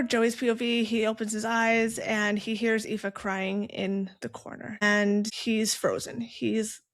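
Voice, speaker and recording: A woman co-hosting a podcast, recapping a novel and reading passages, pausing to check her pronunciation. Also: mid-range voice, dry recording, studio quality. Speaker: podcast co-host.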